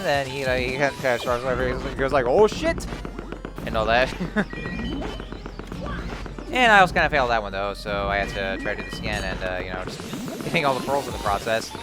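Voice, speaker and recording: A young man giving casual, rambling commentary while playing a video game, with excited outbursts. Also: medium pitch. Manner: rambling, many fillers and restarts, excitable outbursts. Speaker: let's play host.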